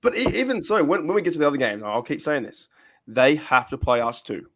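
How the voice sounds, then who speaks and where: A man hosting a casual sports podcast, his voice hoarse and raspy from sickness, rambling with fillers and restarts. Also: fairly high pitch, big pitch swings, fairly quick, noisy background. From Australia. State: hoarse, sick voice. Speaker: podcast host.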